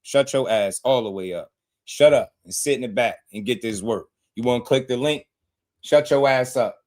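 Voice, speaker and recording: A man's voice: medium pitch, moderate pace, a little mellow. A man hosting a boxing livestream, talking heated and blunt to his chat with lots of slang. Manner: fired-up, blunt, slangy, talks straight to chat.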